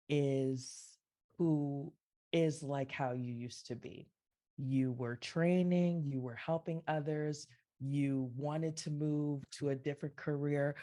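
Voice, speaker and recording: A woman with a very low, mellow voice hosts a podcast interview. She talks slowly, asking long questions and affirming her guest often. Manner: affirming, drawn-out questions, frequent agreement. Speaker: podcast host.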